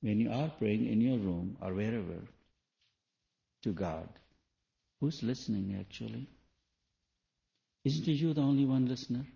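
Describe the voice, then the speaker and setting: Male spiritual teacher, dark and mellow, rhetorical questioning, lo-fi 1980s tape. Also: medium pitch, unhurried, creaky, long pauses. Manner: rhetorical questions, non-native phrasing. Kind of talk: spoken sermon to an audience. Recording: dull lo-fi 1980s tape recording.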